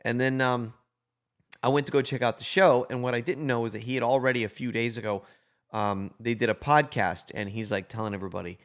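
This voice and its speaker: A man's voice: medium pitch, steady tone, a little fast, fairly bright tone. A middle-aged man with a mid-range voice talks loosely to his viewers on a livestream. He rambles, drifts between topics, and tosses in joking asides as he reads out comments. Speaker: prankster hosting a livestream. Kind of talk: casual livestream chat, reading viewer comments.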